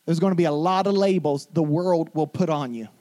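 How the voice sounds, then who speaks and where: A young adult male pastor preaching a sermon, telling his story quietly and then rising to shouted declarations. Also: on the high side, a little fast.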